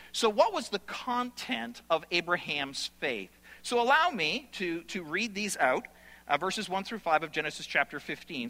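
A male pastor preaching a sermon, explaining scripture in an animated way with sudden loud bursts. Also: high voice. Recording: long hall reverb.

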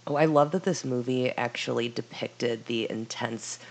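A woman's voice: very deep voice, normal speed. A woman co-hosting a casual movie podcast, trading dry, sarcastic quips. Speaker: podcast co-host. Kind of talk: casual movie review chat.

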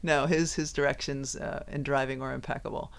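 A middle-aged woman co-hosting a podcast, telling stories in a lively, laughing way. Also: rumbling low, a little fast, vocal fry, a crowd in the background. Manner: animated storyteller, laughs often. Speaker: podcast co-host. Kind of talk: casual chat.

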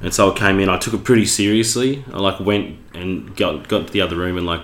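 Australian man, very deep voice, sick and coughing, rambling podcast chat, roomy echo. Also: fast talker, fairly bright tone, a little hiss or hum. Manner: rambling, many fillers and restarts. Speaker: podcast co-host. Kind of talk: casual chat. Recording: echoey room.

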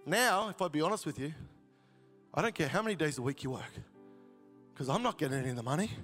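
Fervent preacher, high bright voice. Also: male voice, expressive, quick pace, long reverb tail, faint music behind. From Australia. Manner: storytelling, grows fervent and emotional. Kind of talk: sermon testimony.

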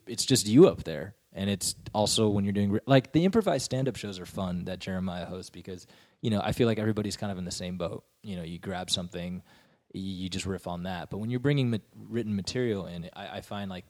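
A young man, a comedian and actor, telling stories in a casual podcast chat, jumping into high voices to act out quotes. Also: brisk, dry recording. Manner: animated storyteller, acts out quotes in high voices.

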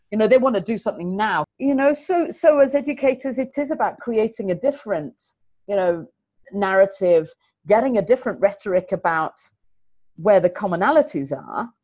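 A middle-aged woman, a teacher, talking earnestly in an interview and telling stories with lively, repeated emphasis. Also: medium pitch, no room sound. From England. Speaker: teacher and guest. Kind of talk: conversational interview.

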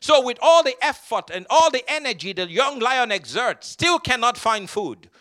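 A man's voice: extremely high pitch, animated, fairly bright tone. A man preaching a sermon as pastor, leading the congregation in call-and-response and stretching out scripture word by word. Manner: drawn-out emphatic scripture reading.

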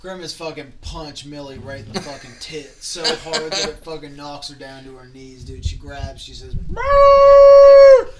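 A man's voice: mid-range voice, moderate pace, hardly any pauses, muffled recording, noisy background. A man improvising a violent absurd comedy story on a podcast, swearing constantly. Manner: profane, heavy swearing, deadpan escalation. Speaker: podcast guest.

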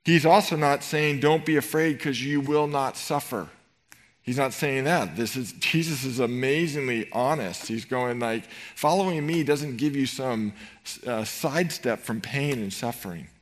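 Animated preaching man. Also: medium pitch, a little slow. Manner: animated, rhetorical, shifts between loud emphasis and quiet tenderness. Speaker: pastor. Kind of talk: sermon. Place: church sanctuary.

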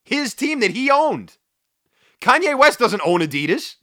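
A man's voice: very high-pitched, big pitch swings, measured pace, bright, forceful tone, dry recording, studio quality. A man hosting a solo podcast, talking in an emphatic, indignant way with sarcastic asides. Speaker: podcast host. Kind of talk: opinionated solo podcast commentary.

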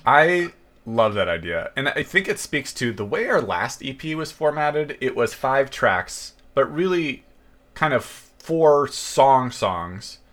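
A man co-hosting a podcast, talking in a relaxed, hesitant way. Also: mid-range voice, takes it slowly. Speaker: podcast co-host. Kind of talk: casual chat.

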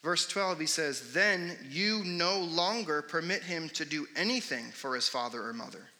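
Conversational pastor in a reverberant hall. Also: male voice, a little high, animated, moderate pace, pushed and bright. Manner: conversational, storytelling, sarcastic asides. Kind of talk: sermon.

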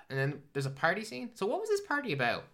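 A man's voice: high-pitched, wildly swooping pitch, moderate pace, pushed and bright. A man co-hosting a podcast, reviewing a film in casual chat, swearing freely as he rants. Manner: swears a lot, ranting and exasperated. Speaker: podcast co-host.

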